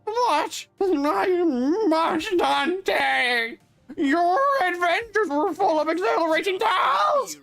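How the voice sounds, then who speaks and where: A streamer putting on a put-on British accent to voice a grand, shouting blue sea monster from a game. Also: extremely high pitch, lively intonation, slow pace, creaky, soft background music, voice pushed up, exaggerated voice.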